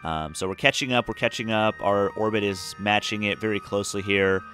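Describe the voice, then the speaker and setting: A man's voice: fairly low pitch, steady tone, fairly quick, bright, forceful tone, faint music behind. A tired man casually talking through a space game, rambling with lots of fillers and restarts. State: tired, yawning. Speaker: gameplay commentator. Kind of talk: casual let's-play commentary.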